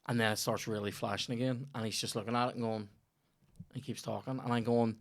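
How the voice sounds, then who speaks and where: A man's voice: mid-range voice, fairly even intonation, fast talker, creaky. Sweary man telling stories. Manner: sweary, rambling storytelling. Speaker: comedian. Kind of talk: casual podcast chat.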